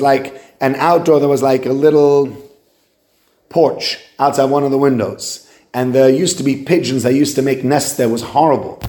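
Man, Torah teacher, high-pitched, animated lecture, echoey room. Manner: animated storytelling, swings between high excited voices and low murmurs. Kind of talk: Talmudic lecture.

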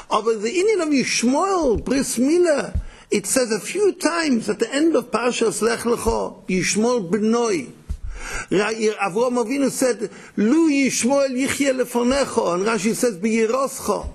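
A man's voice: very high voice, creaky, slightly rough. A man giving a Torah lecture, mixing Yiddish and Hebrew terms, often repeating words and restarting. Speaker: Torah teacher.

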